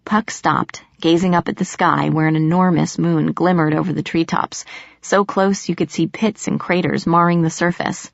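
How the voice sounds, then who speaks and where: A woman reading a first-person story aloud as an audiobook narrator, in a steady, measured way. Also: on the low side, gravelly, dry recording. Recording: slightly muffled dry recording.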